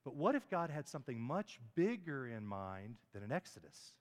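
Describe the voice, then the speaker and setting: A man's voice: mid-range voice, sing-song, normal speed. A male pastor preaching a sermon, emphatic, with many rhetorical questions and small stumbles on words. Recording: long hall reverb.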